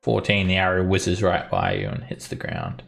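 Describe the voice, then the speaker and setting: A man running a tabletop game as dungeon master, narrating scenes with fillers and pauses. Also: low-pitched, sing-song, vocal fry, a bit bright, faint music behind.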